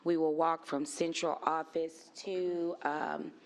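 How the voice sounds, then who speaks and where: A woman with a notably low voice speaks slowly and deliberately, making encouraging announcements in a school board meeting room. She keeps an upbeat, friendly tone. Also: little pitch movement.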